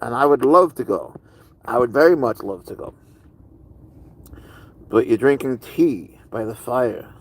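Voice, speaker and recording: A man chats casually on a live stream, reading and answering his viewers' comments. He talks in a loose, rambling way and sounds curious about the people he is talking to. His pitch sits in an ordinary middle range. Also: expressive, measured pace, long pauses, rough recording.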